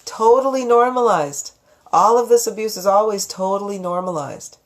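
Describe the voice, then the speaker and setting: A woman hosting a live psychic stream, talking in a calm, gentle, affectionate way as she counsels viewers on relationships and reads out their comments. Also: medium pitch, moderate pace. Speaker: psychic reader and channel host.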